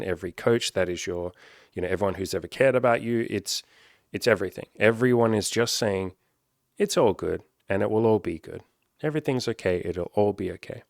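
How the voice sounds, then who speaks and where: A man's voice: fairly low pitch, no echo, studio quality. A man, a self-help coach talking to his audience in a rambling, earnest monologue that is peppered with casual swearing.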